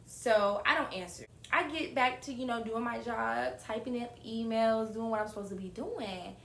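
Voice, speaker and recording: A young woman telling a casual storytime to her viewers, animated and often calling out to them. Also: fairly high pitch, moderate pace, creaky, noisy background. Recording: roomy echo.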